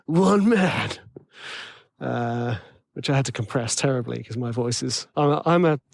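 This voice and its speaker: A man with a tenor voice, hosting his own podcast in a rambling, excitable, self-deprecating chat. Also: mid-range voice, normal speed, vocal fry, no echo. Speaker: podcast host and composition coach. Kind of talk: casual solo podcast monologue.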